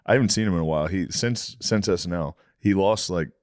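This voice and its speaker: Low-voiced man telling crude stories. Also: quick pace, dry recording, clean studio sound. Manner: storytelling, profane, acts out quoted lines. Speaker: podcast co-host. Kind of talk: casual crude banter.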